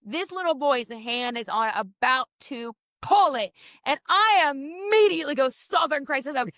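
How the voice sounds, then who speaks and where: A woman from the American South co-hosting a casual podcast, telling stories in an animated way and swearing freely. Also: high-pitched, normal speed, dry recording, studio quality. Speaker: podcast co-host.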